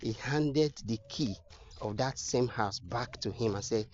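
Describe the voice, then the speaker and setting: A man's voice: mid-range voice, measured pace. A man telling an inspirational moral story as a motivational speaker, earnest and emphatic, often repeating phrases, on a slightly muffled recording.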